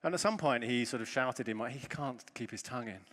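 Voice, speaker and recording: Male conference speaker, mid-pitched, animated and self-mocking, recorded in a reverberant hall. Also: fast. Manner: animated, self-deprecating storytelling. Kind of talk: conference keynote talk. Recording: long reverb of a large hall.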